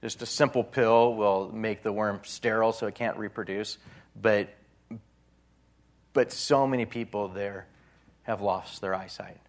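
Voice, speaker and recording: A man preaching a sermon, retelling a Gospel story with dramatic swings in loudness and voicing the people in it. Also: lowish voice, fairly even intonation, a little slow, long pauses.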